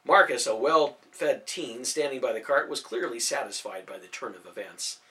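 A man narrating a storybook audiobook in an expressive, animated reading. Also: medium pitch, moderate pace.

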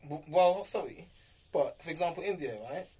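A man's voice: fairly high pitch, dark tone, slightly rough. A young man, co-hosting a casual, argumentative podcast chat full of slang and jokes. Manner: fast, argumentative, jokey with slang. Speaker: podcast co-host.

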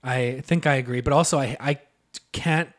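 A man co-hosting a podcast in casual chat, joking loosely and swearing. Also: medium pitch. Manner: loose, swearing, jokey, quick bursts. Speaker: podcast co-host.

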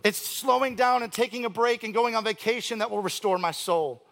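High, gravelly-voiced male pastor preaching. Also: fairly quick. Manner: emphatic preaching, swinging from loud to hushed; conversational asides and dry humor. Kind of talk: sermon.

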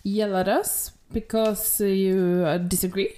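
Slow-talking woman, mellow voice. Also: medium pitch, fairly even intonation. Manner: hesitant and playful, many pauses while reading results. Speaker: podcast co-host. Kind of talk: casual podcast chat.

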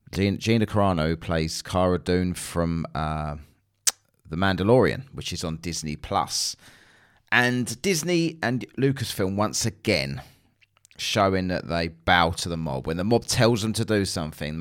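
A man's voice: low voice, a bit bright. A man hosting a podcast, talking in a blunt, sarcastic rant with plenty of swearing. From England. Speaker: podcast host. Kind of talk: casual podcast monologue.

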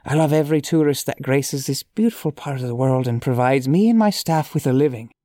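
A man's voice: medium pitch, a little fast, dark tone, no room sound, clean studio sound, natural voice. A man voicing a prickly male Irish restaurant owner in a comic reading, putting on an Irish accent and sounding sarcastic and mock-polite.

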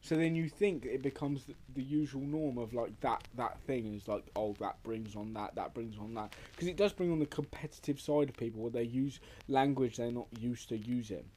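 A man's voice: mid-range voice, fairly quick, few pauses, dark tone, a little hiss or hum. A man co-hosting a casual podcast chat, rambling and restarting his sentences, swearing casually. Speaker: podcast co-host.

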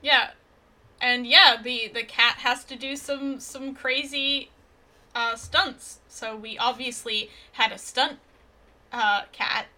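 On the high side with a steady, sharp tone, a woman co-hosting a podcast chats about a movie in a casual, playful film review. Her manner is enthusiastic and quick to agree.

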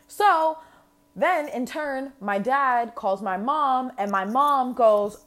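A woman's voice: high voice, animated, slow pace, fairly bright tone. A woman with a New York accent telling a storytime vlog in a brash, casual way, full of slang and swearing. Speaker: vlogger.

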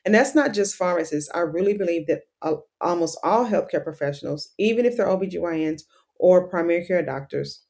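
Middle-aged woman, low voice, earnest, explanatory, lots of ums. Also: a little mellow. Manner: earnest, explanatory, many fillers. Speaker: pharmacist and menopause educator, guest. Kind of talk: casual interview.

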